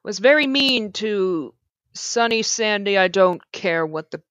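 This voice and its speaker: A woman's voice: medium pitch, lively intonation, a little slow, a bit bright, dry recording. A woman co-hosting a podcast in casual chat, ranting in an exasperated, theatrical way. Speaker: podcast co-host.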